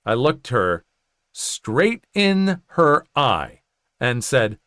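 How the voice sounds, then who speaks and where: A man's voice: medium pitch, very animated, very slow, a bit bright, no echo, clean studio sound. A man narrating a first-person story in a conversational way, with joking asides.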